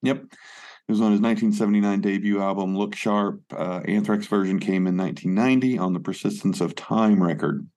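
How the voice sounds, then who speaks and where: Man, podcast co-host, very low voice, gravelly, laid-back, swears. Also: fairly quick, darkish tone. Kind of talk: casual chat about music.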